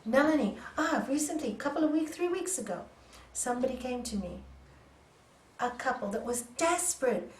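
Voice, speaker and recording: A woman yoga teacher giving an animated storytelling talk to a group, acting out dialogue and laughing often. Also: high-pitched, normal speed. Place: yoga centre room. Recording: echoey room from a distance.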